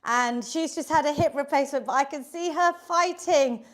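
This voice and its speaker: A high-voiced British woman coaches an online workout class from home, bright with encouragement as she counts down reps. She sounds a little out of breath while she exercises along. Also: moderate pace. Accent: British English. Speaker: fitness instructor.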